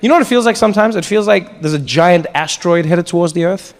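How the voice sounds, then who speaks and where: A man from South Africa performing stand-up comedy, telling stories in an animated, exaggerated way. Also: high-pitched, quick pace, a little hiss or hum. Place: large theatre, live audience. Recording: live hall, audience laughter.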